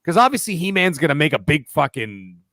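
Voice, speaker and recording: A man co-hosting a casual gaming podcast, animated and profane, often checking in with "right?". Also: on the high side, brisk, dry recording. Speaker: podcast co-host. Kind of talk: casual chat.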